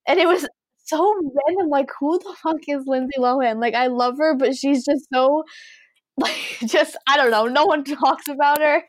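Bubbly young woman, fairly high voice. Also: moderate pace, dry recording. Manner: expressive, swears casually, laughs often. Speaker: podcast co-host. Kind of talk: casual celebrity gossip chat.

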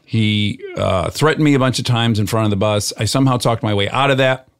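Brief: middle-aged guy, casual storyteller, lively, mid-pitched, acts out quotes. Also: brisk.

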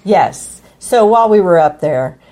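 A woman's voice: fairly low pitch, lively intonation, warm tone. A woman co-hosting a show with her husband, chatting casually and teasing him. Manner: teasing, quick affirmations. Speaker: podcast co-host. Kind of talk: casual chat.

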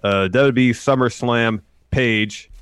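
A man co-hosting a wrestling news podcast in casual chat, often pausing with uh fillers. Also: medium pitch, a bit bright, clear, resonant tone, no echo. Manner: hesitant, many uh fillers. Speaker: podcast co-host.

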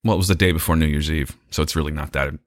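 A man's voice: very deep voice, fairly even intonation, very fast. An older man co-hosting a casual chat, laid-back and joking.

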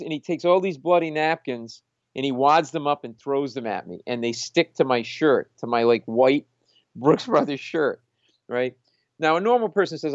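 Man, comedian guest, animated storyteller, mimics voices, dull lo-fi sound, dry. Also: mid-range voice, a little fast, dry recording. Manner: acts out quoted voices, laughs mid-story.

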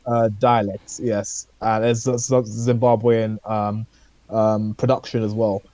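A man chats casually on a podcast about what he has been watching, with a mellow, dark voice. He rambles and hesitates, filling the gaps with ums and uhs. The sound is dry and close, with little room. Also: lowish voice, level tone, unhurried, no room sound. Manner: rambling, hesitant, many fillers. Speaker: podcast co-host. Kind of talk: casual chat reviewing shows.

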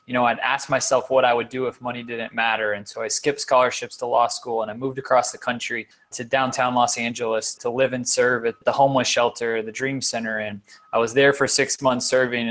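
A man's voice: medium pitch, a bit bright. Earnest man, motivational speaker. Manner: earnest, emphatic, repeats words for stress. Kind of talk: podcast interview conversation.

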